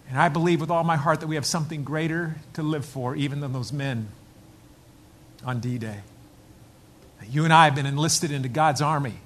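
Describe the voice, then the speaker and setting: A man's voice: on the high side, a bit bright. Man preaching an emphatic sermon. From United States. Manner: storytelling, builds to emphatic preaching. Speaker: pastor.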